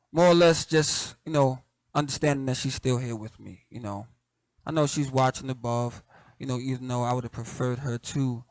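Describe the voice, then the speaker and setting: A middle-aged man with a light Southern accent talks easily and personally, circling his thoughts with "you know". His voice sits at an ordinary pitch for a man. The sound is close and dry, with no room echo. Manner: relaxed, conversational, peppered with "you know", soft laughs. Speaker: host. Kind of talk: casual reflective monologue.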